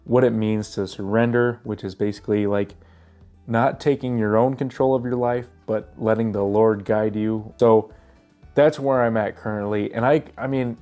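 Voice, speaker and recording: Stuffy-nosed man with a low, dark voice. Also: fairly even intonation, normal speed, soft background music. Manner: rambling, earnest, many fillers and restarts. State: congested with a cold, stuffy. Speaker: vlogger. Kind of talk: casual talk to camera.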